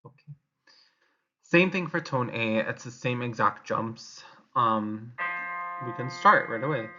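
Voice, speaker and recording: Man singing and explaining chant, bright. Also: mid-range voice, slow, highs cut off, soft background music. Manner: hesitant, self-correcting between sung demonstrations. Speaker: chant teacher. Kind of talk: sung and spoken chant lesson.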